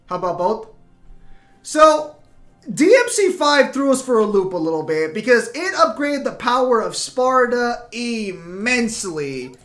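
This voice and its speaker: A young man talks through a casual gaming stream in a high, bright voice, swearing freely and rambling through fillers. Faint music plays under his chatter. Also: sing-song, unhurried.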